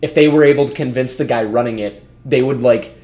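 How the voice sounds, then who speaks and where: A man's voice: mid-range voice, brisk, dark tone. Rambling, cussing podcast guy. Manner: rambling, lots of swearing and "like". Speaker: podcast co-host. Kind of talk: casual storytelling among friends.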